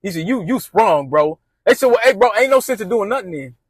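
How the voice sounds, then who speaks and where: A man's voice: high voice, animated, brisk, breathy edge, no room sound. A man telling a long personal story in casual slang, rambling and acting out what his friends told him.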